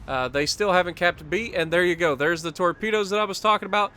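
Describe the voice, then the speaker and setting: A man giving casual commentary over his own gameplay footage, upbeat and quick to chuckle. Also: high-pitched, sharp tone, clear, resonant tone. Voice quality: chuckles often, upbeat and talkative. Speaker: gaming commentator.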